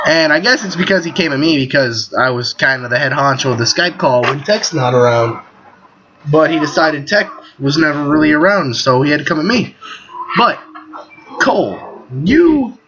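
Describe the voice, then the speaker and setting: A man hosting a casual podcast, telling a story in a profane, animated way over an internet call. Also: on the high side, lo-fi sound, background noise. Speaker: podcast host. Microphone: Skype call recording.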